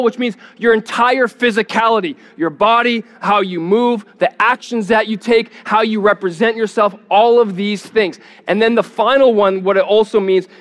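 A male pastor with a high-pitched voice delivers a teaching sermon. He talks in a loose, conversational way, stumbling over repeated words as he thinks and turning to ask his listeners questions. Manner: teaching, repeats words when searching, asks the congregation questions.

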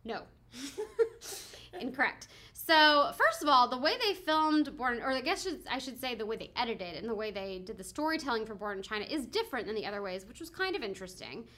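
A woman's voice: a little high, big pitch swings, brisk, pushed and bright. A woman co-hosting a podcast, chatting casually and telling a rambling story full of laughs and fillers. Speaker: podcast co-host. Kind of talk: casual chat.

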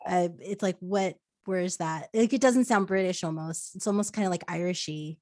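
A woman's voice: fairly low pitch, normal speed, darkish tone, no echo, clean studio sound. A woman from the United States hosting a podcast interview, chatty and casual, full of filler words. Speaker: podcast host.

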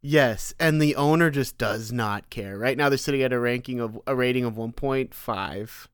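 A man co-hosting a casual podcast chat, animated and laughing, jumping up in pitch for emphasis. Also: moderate pace, clear, resonant tone, no room sound, studio quality. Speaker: podcast co-host.

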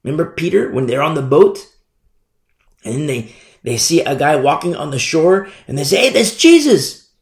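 A man's voice: fairly high pitch, lively intonation, normal speed, gravelly, roomy sound. A male pastor preaching a fiery sermon and acting out scenes from scripture.

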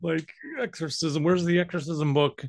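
An easygoing middle-aged man tells stories at a relaxed pace and laughs often as a podcast co-host. His voice sounds dry and close, with no room sound around it. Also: on the high side, normal speed, no room sound. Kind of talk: casual chat.

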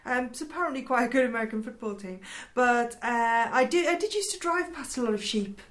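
A woman co-hosting a casual podcast chat, chatty and quick to laugh. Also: on the high side, expressive, fairly bright tone. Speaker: podcast co-host. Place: lived in Yorkshire.

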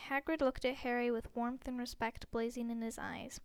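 A woman reading a fantasy novel aloud as an audiobook narrator, with steady, expressive storytelling. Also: fairly high pitch, moderate pace, smooth, no room sound. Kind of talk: scripted narration.

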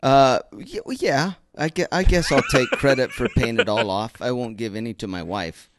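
Lively, wry male podcast host. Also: mid-range voice, moderate pace, slight background noise. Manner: wry and joking, animated delivery. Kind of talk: casual chat.

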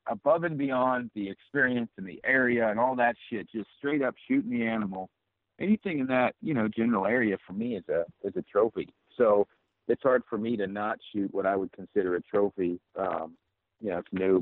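A man's voice: mid-range voice, no echo. A man talking as a podcast guest over the phone, loose and rambling, swearing freely and filling with "you know" and "um". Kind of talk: casual phone chat. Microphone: phone call. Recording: tinny dry phone line.

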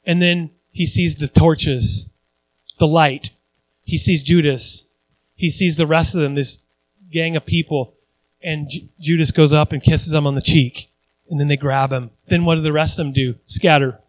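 High-voiced male pastor preaching conversationally. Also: steady tone, a little slow, poor audio. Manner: conversational preaching with repeated phrases for emphasis; acts out voices of people he quotes. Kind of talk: sermon.

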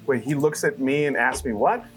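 A man's voice: mid-range voice, husky, soft background music. A man taking part as a player in a tabletop game who jokes around. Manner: joking and quick to laugh. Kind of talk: casual tabletop play.

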